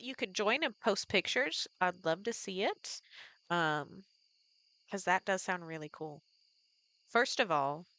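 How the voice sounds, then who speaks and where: A woman streaming a cozy farming game, talking things through at an unhurried pace and greeting her viewers as they arrive. Her voice sits in a middle register, easygoing and chatty, with a ready giggle, picked up on a desk mic. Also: medium pitch, bright, forceful tone. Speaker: live streamer. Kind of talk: casual chat while streaming a farming game.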